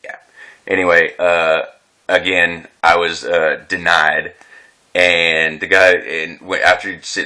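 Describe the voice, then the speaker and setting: A man's voice: sits low, a little slow, pushed and bright. A veteran man telling his own story in an unscripted vlog, rambling and agitated, swearing often and restarting his sentences. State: distressed.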